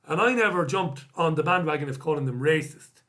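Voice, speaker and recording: A man hosts a live stream with a bright, forceful voice pitched a little high. He reads out viewer comments and answers them bluntly, swearing freely as he goes. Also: animated, brisk. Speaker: host.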